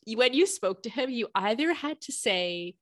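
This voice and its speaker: Lively, laughing woman telling a story. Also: fairly high pitch, moderate pace, dry recording, studio quality. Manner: chatty storytelling, laughs often. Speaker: podcast co-host. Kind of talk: casual chat.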